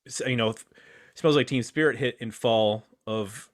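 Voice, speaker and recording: A man hosts a casual podcast roundtable in a mid-pitched voice. He is chatty and self-deprecating as he introduces his guests. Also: normal speed. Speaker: podcast host.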